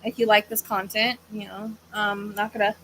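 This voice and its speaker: In a low-quality recording, a woman with a mid-range, slightly bright voice talks at a moderate pace with flat delivery. She hosts a psychic medium livestream from her home, fan running, and her casual chat comes out tired, hesitant and rambling, packed with fillers and punctuated by yawns.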